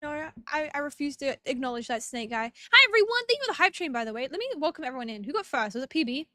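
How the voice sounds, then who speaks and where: A woman's voice: high voice, sing-song, fast, bright, forceful tone, no echo, clean studio sound. A young woman streaming casually, bubbly and giggly as she greets her chat one by one.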